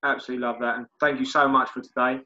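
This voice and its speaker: In dull, lo-fi podcast audio, a male host keeps his interview talk casual, with a chatty, friendly sign-off sprinkled with ums and uhs. His medium-pitched voice races along with little pitch movement, sounding pushed and bright.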